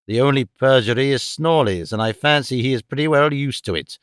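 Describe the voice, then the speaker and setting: A man narrating an audiobook gives voice to a domineering older moneylender who speaks curtly and dryly. Each point comes slow, measured and emphatic, in a dry, close voice. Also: medium pitch, clear, resonant tone, no room sound, close to an everyday voice. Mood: cold scorn. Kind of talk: audiobook character voice.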